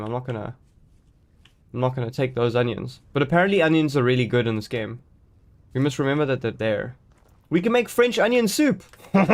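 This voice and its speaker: A man chatting live to his viewers while playing a game, rambling and joking as he goes, greeting people in chat. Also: mid-range voice. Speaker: streamer.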